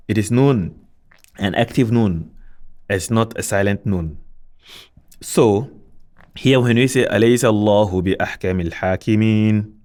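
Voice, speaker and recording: A man's voice: fairly low pitch, a little mellow. A man teaching Quran recitation rules, patiently repeating points, asking and answering his own questions, and chanting verses as examples.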